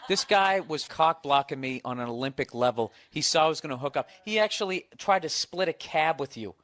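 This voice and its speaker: A man with a fairly high voice chats casually on a podcast, needling his co-host with teasing, boastful jokes. The sound is dry and close, with no room around it. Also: lively intonation, brisk, fairly bright tone, dry recording. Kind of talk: casual chat.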